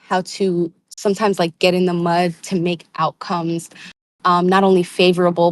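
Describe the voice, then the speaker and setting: A woman giving a live spiritual tarot reading in a casual, searching way, full of slang and fillers. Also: on the low side. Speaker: tarot reader.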